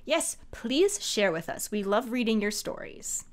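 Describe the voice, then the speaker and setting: A woman's voice: on the high side, expressive, measured pace. A woman co-hosting a podcast in casual chat, gushing and enthusiastic about the books she loves. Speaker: podcast co-host.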